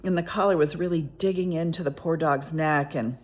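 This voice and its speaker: A woman casually telling a personal story on her vlog. She rambles with frequent restarts and asides and retells events in a lively, exclamatory way. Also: low voice, fairly quick.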